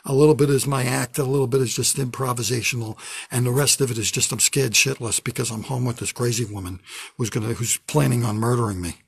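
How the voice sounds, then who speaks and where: An older man doing a wry, self-deprecating stand-up routine from his home basement, with sudden loud bursts when he acts out a bit. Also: mid-range voice, steady tone, quick pace, creaky, breathy edge, no room sound, studio quality. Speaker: stand-up comedian.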